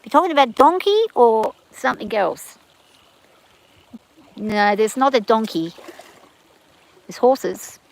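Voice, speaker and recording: A chatty woman with a broad rural Australian accent reads viewer comments on a live stream and answers each one. Her voice sits a little higher than most. She talks in an easy, offhand way. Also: sing-song, slow, gravelly, pauses often, rough recording. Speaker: livestream host reading chat. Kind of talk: casual live-stream chat.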